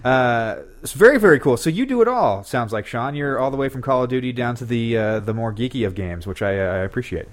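A man's voice: medium pitch, brisk, hardly any pauses, a little hiss or hum. A man co-hosts a casual podcast in an upbeat way. He asks the guest questions and shares facts about games. His voice sits in a middle range. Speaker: co-host.

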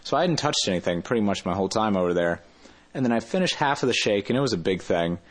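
A man's voice: fairly low pitch, expressive, fast talker. A man telling a travel story in a casual interview, rambling and often correcting himself mid-sentence. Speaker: interview guest.

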